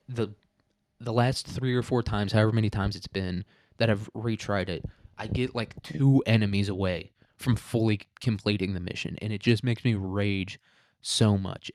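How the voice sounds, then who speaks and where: A man's voice: lowish voice, a little mellow, no echo, studio quality. A young man with a nasal voice, rambling and swearing through a casual solo podcast rant, dropping "dude" and "like" and laughing often. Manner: says "dude" and "like" a lot. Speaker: podcast host.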